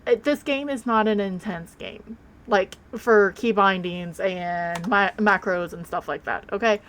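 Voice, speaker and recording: A woman's voice: medium pitch, a little slow, fairly bright tone, a little hiss or hum. A woman streamer chatting casually while playing a game, rambling and blunt, with offhand swearing. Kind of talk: casual live game commentary.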